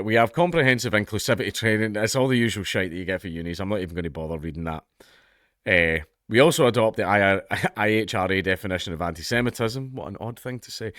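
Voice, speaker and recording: Blunt, sweary Scottish man, low voice. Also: pushed and bright, dry recording, studio quality. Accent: Scottish, toned down. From Scotland. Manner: blunt, sweary, mocking asides. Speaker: YouTube commentator. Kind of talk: casual commentary reading news.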